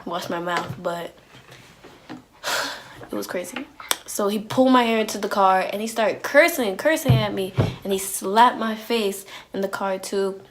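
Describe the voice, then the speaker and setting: A woman telling a personal story on her vlog in an animated, slangy way, full of "like"s and restarts. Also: mid-range voice, a little slow, noisy background. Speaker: vlogger.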